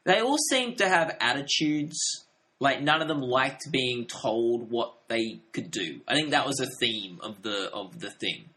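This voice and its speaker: Bright-voiced man chatting about films. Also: medium pitch, animated, measured pace. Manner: rambling, acts out quotes with filler words. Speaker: film podcast co-host. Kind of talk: casual film review chat.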